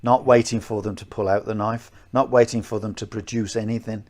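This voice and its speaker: A man with a lowish voice co-hosts a casual podcast chat about martial arts. He talks emphatically and circles back over his points, repeating phrases as he builds an argument. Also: fairly even intonation, a little fast, a little mellow.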